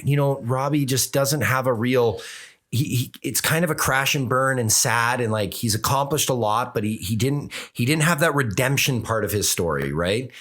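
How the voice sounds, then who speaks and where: A man's voice: medium pitch, normal speed, fairly bright tone. A man, a filmmaker guest on a podcast, chatting casually and animatedly, swearing and imitating the people he quotes. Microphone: studio mic.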